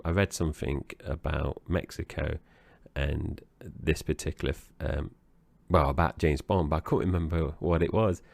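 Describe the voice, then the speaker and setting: A man's voice: low-pitched, vocal fry, darkish tone, dry recording. A man co-hosting a podcast, chatting about a film in a rambling, hesitant way. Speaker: podcast co-host. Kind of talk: casual film-review chat.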